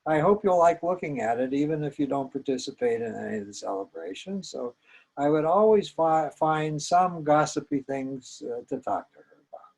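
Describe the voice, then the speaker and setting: Gravelly older man, reflective storyteller. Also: fairly high pitch, animated, moderate pace, rough recording. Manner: reflective, gentle, with small hesitations. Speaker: psychologist recounting his training. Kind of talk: personal storytelling.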